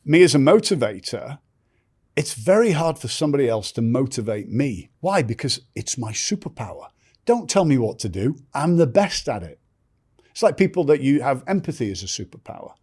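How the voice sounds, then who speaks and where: A man's voice: mid-range voice, sing-song, moderate pace, darkish tone, breathy edge. A middle-aged man, a podcast guest, telling stories in conversation and acting out other people's lines. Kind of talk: storytelling in conversation.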